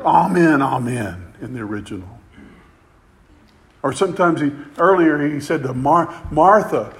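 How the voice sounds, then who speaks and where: A man preaching a sermon with passion. He climbs louder and higher to stress a point and often repeats words as he goes. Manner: impassioned, rising in pitch and volume for emphasis, repeats words.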